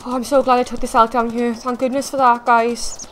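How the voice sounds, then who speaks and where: A woman's voice: fairly high pitch, little pitch movement, fairly quick, fairly bright tone, a little hiss or hum. A woman chatting to viewers while she plays a game and reacts to what happens on screen. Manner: reacts aloud to on-screen action. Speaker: gaming video host. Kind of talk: casual gameplay commentary.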